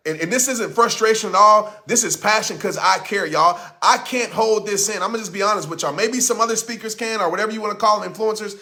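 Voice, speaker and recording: A man delivers a motivational speech in a high, forceful voice, leaning into each line like a sermon. He hammers his points home and repeats them for effect, speaking close into a studio microphone. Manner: emphatic, preachy, repeats lines for effect.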